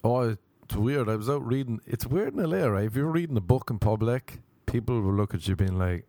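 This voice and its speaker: A man's voice: mid-range voice, expressive, fairly quick, hardly any pauses, warm tone, no room sound. An Irish man and actor telling a rambling, self-deprecating story in a casual monologue. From Ireland.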